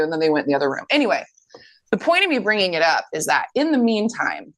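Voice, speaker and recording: This female podcast co-host talks quickly in a mid-range voice. In casual chat she tells animated stories, acts out people's quotes, and swears without holding back.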